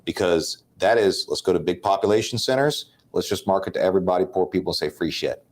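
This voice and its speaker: A man with a low voice lays out his opinions bluntly in a casual sales chat. He makes his points one after another, like a lecture. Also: fast. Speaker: podcast co-host.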